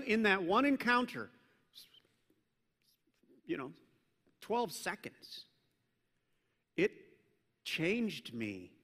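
A middle-aged man preaching a sermon as a pastor, telling stories in a playful, animated way and now and then barking out loud mock commands. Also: sits high. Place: church sanctuary. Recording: long reverb from a large church hall.

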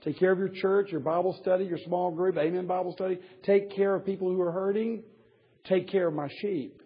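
A man's voice: sits high, fairly even intonation, a little fast, slightly rough. A man preaching a sermon to a men's Bible study, emphatic, with wry asides and chuckles at his own points. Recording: dull lo-fi recording.

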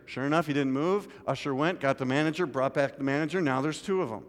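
A man's voice: fast talker, hardly any pauses. Preaching man in a reverberant hall. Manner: storytelling, swings from loud urgent pleading to quiet low asides. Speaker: pastor. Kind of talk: sermon. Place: church sanctuary.

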